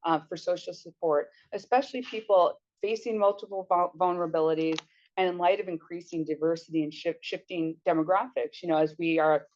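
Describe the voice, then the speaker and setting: A woman professor reads passages from her own book during a lecture. Her voice is low-pitched and her delivery is measured, with occasional restarts. The recording sounds a little muffled. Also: fairly even intonation, darkish tone, a little hiss or hum. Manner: measured, with small restarts and fillers. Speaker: sociology professor.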